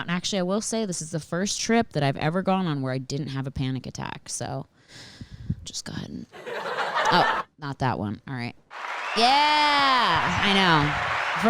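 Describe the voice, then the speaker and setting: A woman hosting a podcast, telling a story in a casual, animated way and swearing often. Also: low-pitched, clear, resonant tone, dry recording. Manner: animated and profane, with frequent swearing and filler words. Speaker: podcast host.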